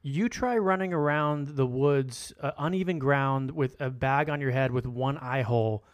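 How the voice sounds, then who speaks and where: A man's voice: mid-range voice, normal speed, no room sound. A man on a podcast panel, chatting casually about a horror film and thinking aloud.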